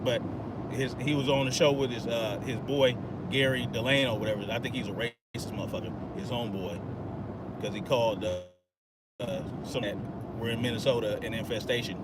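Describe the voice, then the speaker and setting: A man's voice: mid-range voice, steady tone, fairly quick, very noisy. A man hosting a podcast in an agitated, profane, rambling monologue. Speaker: podcast host. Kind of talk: ranting monologue.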